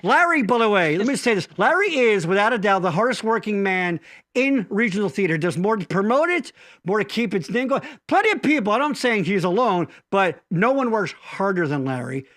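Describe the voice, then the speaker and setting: Rambling, bright-voiced male podcast host. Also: high-pitched, sing-song, brisk, no echo, studio quality. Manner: rambling, stammering restarts, profane jokes. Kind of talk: casual opinionated chat.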